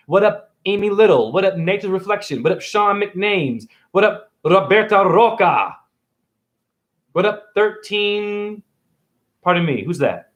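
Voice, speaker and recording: A man in his forties preaching and ranting to his audience on a phone livestream, combative and swearing, often firing questions at viewers. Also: high voice. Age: 40s. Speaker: livestream host. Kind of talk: rambling livestream monologue.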